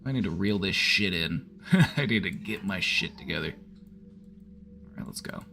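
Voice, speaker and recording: A man's voice: deep voice, expressive, unhurried, vocal fry, bright, forceful tone, slight background noise. A man giving casual advice on a live stream at home, talking loosely with lots of "like" and some swearing. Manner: casual, frequent filler "like", swears. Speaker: therapist streamer. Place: home, with his dog.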